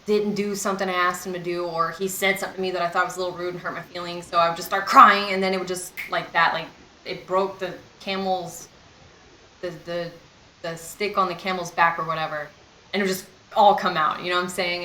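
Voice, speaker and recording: A woman's voice: on the low side, fairly even intonation, brisk, bright, forceful tone, roomy sound, a little hiss or hum, low-quality recording. A young woman in a casual storytime vlog, talking candidly and rambling, with lots of "like" and "you know.". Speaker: vlogger.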